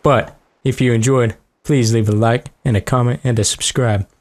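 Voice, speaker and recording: A man's voice: medium pitch, steady tone, moderate pace. A man giving joking, profane let's play commentary as host of a gaming video. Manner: joking, profane, reacting aloud.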